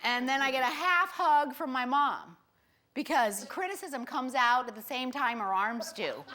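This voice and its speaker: A high-pitched middle-aged woman performing stand-up storytelling. She tells family anecdotes in an animated way and slips into the voices of the relatives she quotes. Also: measured pace. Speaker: stand-up comedian.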